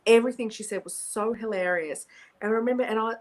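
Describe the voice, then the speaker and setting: A woman hosting a podcast, chatting casually and telling animated stories with loud bursts of laughter. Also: on the high side, fast. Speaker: podcast host. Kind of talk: casual chat.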